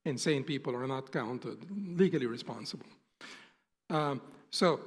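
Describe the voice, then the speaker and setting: A man's voice: mid-range voice, moderate pace, long reverb tail. A male instructor giving a classroom lecture, explaining patiently and restating his points. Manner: patient, explanatory, often rephrases and restates terms.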